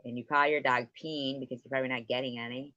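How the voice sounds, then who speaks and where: A woman's voice: rumbling low, fairly even intonation, quick pace, no room sound. Taunting woman on a dull lo-fi live stream. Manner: taunting, profane, swings loud and quiet. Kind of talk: heated live stream argument.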